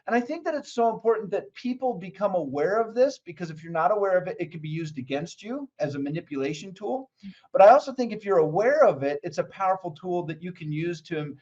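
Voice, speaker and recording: A man's voice: high voice, lively intonation, fast, darkish tone, dull audio. A man who is a mindset coach, talking as a guest in a conversational interview, enthusiastic and motivational as he tells stories.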